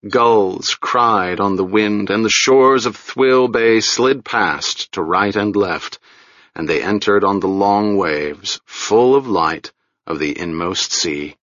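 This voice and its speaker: A man narrating a fantasy novel in a measured, deliberate way. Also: lowish voice, fairly bright tone, dry recording, highs cut off. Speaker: audiobook narrator.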